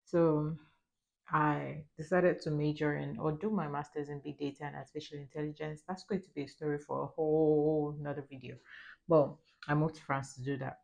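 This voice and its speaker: Low-voiced woman vlogging casually. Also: normal speed, gravelly. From Nigeria. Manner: chatty, animated storytelling with laughs. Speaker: lifestyle vlogger. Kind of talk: casual get-ready-with-me chat.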